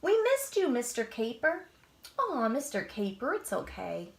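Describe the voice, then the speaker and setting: A woman voicing a group of grown-ups in a children's story, loud and exclaiming. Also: fairly high pitch, huge pitch swings, unhurried, gravelly, reverberant, full character voice. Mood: forgiving. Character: scolding then forgiving grown-ups.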